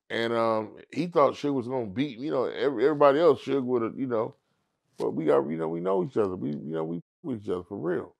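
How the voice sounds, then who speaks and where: A middle-aged man spins a long, loose story in an interview, his voice gravelly with a rough fry at the bottom. He sits at an ordinary pitch and keeps slipping into other people's voices as he goes. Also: fast talker. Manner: animated storyteller who acts out others in high squeaky voices. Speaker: comedian guest.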